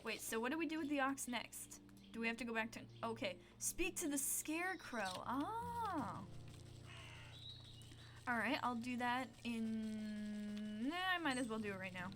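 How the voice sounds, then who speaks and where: A woman's voice: a little high, lively intonation, a little slow, noisy background. A woman streaming a game, chatting playfully and talking to herself as she plays. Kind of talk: casual game-stream commentary.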